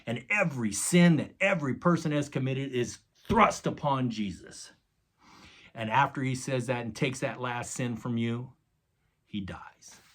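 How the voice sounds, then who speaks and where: Speaking a little slowly in a mid-range voice, a pastor dramatizes a story during his sermon. He acts out quotes, adds sound effects, and drops in casual remarks addressed to his listeners as "guys."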